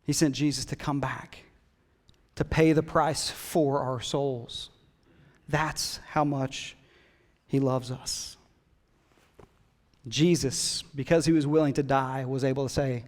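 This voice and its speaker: A middle-aged male pastor preaching a sermon, chatting with his congregation and swinging from loud emphatic build-ups to hushed whispers. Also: fairly high pitch, fairly even intonation, takes it slowly. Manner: conversational, jokes with the congregation. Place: church hall. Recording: long hall reverb in a church.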